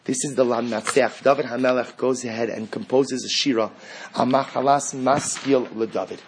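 A man's voice: mid-range voice, fairly even intonation, moderate pace, breathy edge. A man teaching a religious class, earnest and fond of rhetorical questions.

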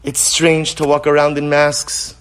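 A man's voice: fairly high pitch, completely flat delivery, unhurried. A man giving a sermon to students in a study hall while speaking through a face mask, retelling a story with growing passion. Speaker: rabbi addressing yeshiva students.

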